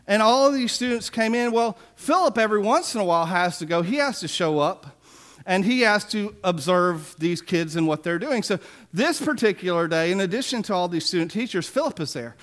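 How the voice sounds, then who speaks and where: A man's voice: sits high, lively intonation, a little fast, a bit bright. A man in his forties preaching a sermon, telling stories in a conversational way with self-deprecating humor. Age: 40s. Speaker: pastor.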